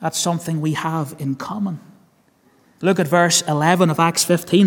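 A man's voice: fairly high pitch, normal speed. A man with a Northern Irish accent preaching a sermon, earnest, repeating key phrases and calling listeners friend. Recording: long hall reverb.

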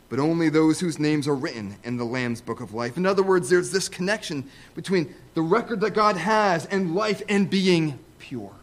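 A male preacher with a notably high voice delivers a sermon. He talks in an easygoing, conversational way, then rises to loud, emphatic repetitions. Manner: emphatic, rising to loud repeated stresses; conversational asides with fillers.

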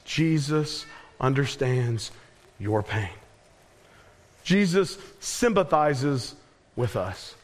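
A man in his thirties or forties preaching a sermon as pastor, earnest, dropping his voice low and slow on key words. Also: big-room sound.

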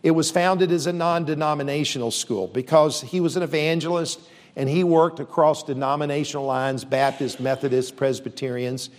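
A man's voice: fairly high pitch, steady tone, normal speed. A man who leads a university, speaking earnestly and steadily to a church audience, with frequent fillers and restarts. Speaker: university leader. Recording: long reverb.

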